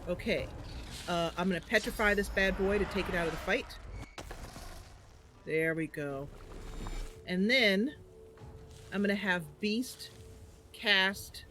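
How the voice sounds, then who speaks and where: Slow-talking woman streamer thinking aloud. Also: mid-range voice, fairly bright tone, slight background noise. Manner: chatty, muttering plans to herself. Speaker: streamer playing a game. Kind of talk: thinking aloud while playing.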